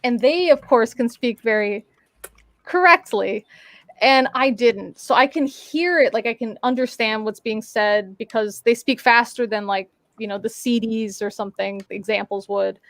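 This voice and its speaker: A woman's voice: on the high side, moderate pace, a bit bright, no echo. A woman in casual chat on a live stream, telling a story with lots of fillers and playful voice mimicry. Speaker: guest on a live talk stream.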